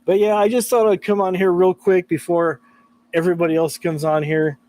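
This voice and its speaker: A man's voice: high-pitched, flat delivery, a little fast, darkish tone, rough recording. A man chatting casually on a live stream about guitar repair, laughing often and reading out chat messages.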